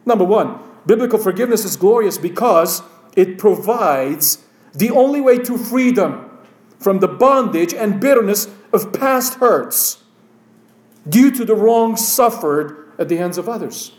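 A man preaching a slow, emphatic sermon and reading scripture aloud. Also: high voice, lively intonation, echoey room.

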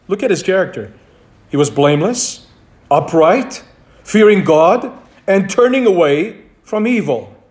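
Guy preaching a sermon, fairly high voice, slow and deliberate, keeps repeating words to hammer them home. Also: a little mellow. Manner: measured preaching with repeated emphasis. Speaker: pastor.

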